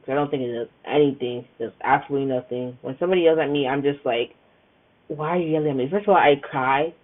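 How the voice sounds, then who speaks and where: A young adult woman hosting a podcast, giving her opinions in a chatty, emphatic way. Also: rumbling low. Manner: chatty and emphatic, many filler "like"s. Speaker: podcast host. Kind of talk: casual opinion monologue. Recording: tinny phone-like sound.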